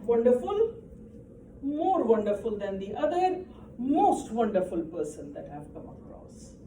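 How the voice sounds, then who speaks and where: A woman teaching a grammar lesson speaks slowly in a fairly high, mellow voice. She explains patiently and keeps checking that the class follows. She is recorded from across an echoey classroom, with faint background noise. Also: big pitch swings. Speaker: English teacher. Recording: echoey room, distant mic, faint noise.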